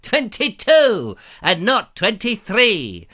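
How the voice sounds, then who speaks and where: Man doing a sing-song magic mirror, fairytale style, bit higher and bright. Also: huge pitch swings, slow, full character voice.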